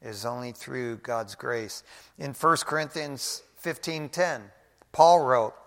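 A male pastor preaching a sermon in a casual way, often saying "man" and swinging from quiet asides to loud emphasis. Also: mid-range voice, sing-song, moderate pace. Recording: echoey hall.

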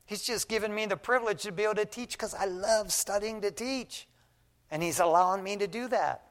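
A middle-aged man, a pastor, giving a casual, animated sermon full of stories, often saying "man". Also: high voice, fairly quick. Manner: folksy, animated storytelling preacher, says "man" often. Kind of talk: conversational sermon. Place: church sanctuary. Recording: long reverb of a large church hall.

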